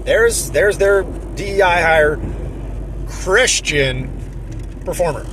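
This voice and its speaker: A man's voice: high-pitched, expressive, slow pace, background noise. A man giving indignant, sarcastic opinion commentary, mocking the people he quotes. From New Jersey.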